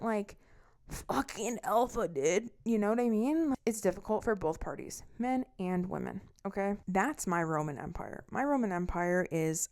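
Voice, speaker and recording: Animated young woman ranting casually. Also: medium pitch. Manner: animated, swearing, rant-like storytelling. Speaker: podcast host. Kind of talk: casual solo chat.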